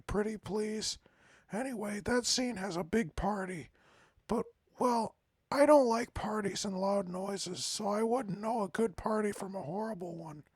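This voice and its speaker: A nervous female pony author, stammering and fond of long words, as a man puts her on. The voice is husky and gravelly, recorded dry and close. She sounds skittish and wordy. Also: sits high, dry recording, pitched above the performer's own voice, full character voice. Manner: timid, stammering, fancy words. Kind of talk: reading game dialogue aloud.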